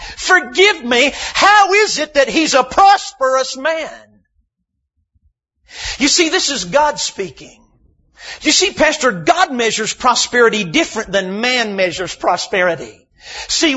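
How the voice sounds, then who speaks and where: Man preaching, sharp bright tone, emphatic delivery, muffled lo-fi sound. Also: very high-pitched, breathy edge. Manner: emphatic preaching that swings from loud to hushed. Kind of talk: sermon.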